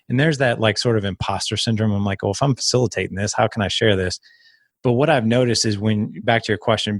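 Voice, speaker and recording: A man in his thirties, a guest on a podcast, telling a personal story in casual talk and acting out quotes with sudden jumps in pitch. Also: no echo, clean studio sound. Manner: animated, acts out quotes with sharp pitch jumps. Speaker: podcast guest, founder of a fathers' community.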